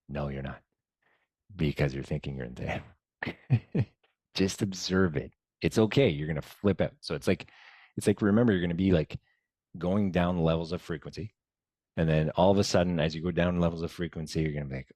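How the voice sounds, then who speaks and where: A man leading a meditation lesson in a relaxed, chatty way, often dropping to soft murmurs and mumbling. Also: low-pitched, fairly quick, dry recording, studio quality. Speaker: meditation guide. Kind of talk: casual guided-meditation talk.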